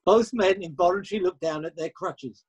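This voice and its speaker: A man gives plain, matter-of-fact scripted narration in a high, husky voice. He reads the story lines evenly between the scenes. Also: fairly quick, muffled recording.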